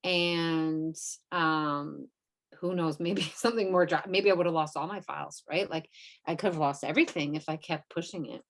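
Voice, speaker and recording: A woman's voice: sits low, moderate pace. A woman co-hosting a podcast, telling a story in a casual, rambling way with lots of fillers and quoted asides. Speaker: podcast co-host. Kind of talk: casual chat.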